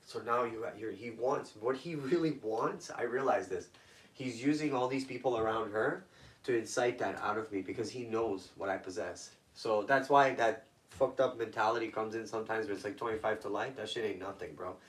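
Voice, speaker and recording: A man's voice: lowish voice, moderate pace, recorded from a distance. A man from Toronto telling intense personal stories as a guest, in blunt, profane street talk. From Toronto, Canada. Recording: echoey room, voice off-mic.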